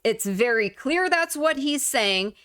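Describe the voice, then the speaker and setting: A woman giving casual, indignant commentary over video clips, speaking emphatically with frequent filler pauses. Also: high voice, expressive, fairly bright tone, smooth.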